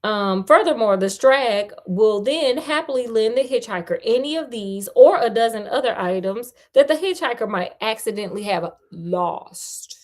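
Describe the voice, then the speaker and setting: A woman's voice: on the high side, darkish tone. Playful woman reading a story aloud. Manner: playful, chatty asides. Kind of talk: casual read-aloud storytelling.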